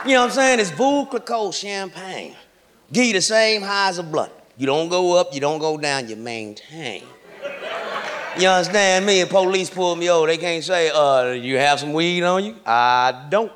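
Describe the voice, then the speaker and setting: A man performing a stand-up comedy routine, loud and profane, shouting his punchlines. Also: high-pitched, expressive, normal speed, noisy background. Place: comedy stage before a large audience. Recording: live show with loud roaring audience.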